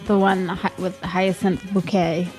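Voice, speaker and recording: A woman's voice: lowish voice, flat delivery, a little slow, darkish tone, soft background music, low-quality recording. A woman co-hosting a podcast, chatting casually in a hesitant, offhand way.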